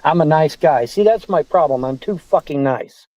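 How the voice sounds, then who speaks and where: A man's voice: a little high, expressive, moderate pace, warm tone, dry recording. A man ranting on a livestream, swearing a lot and repeating himself as he complains. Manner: profane, repetitive, indignant. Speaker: streamer. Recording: dull lo-fi stream audio.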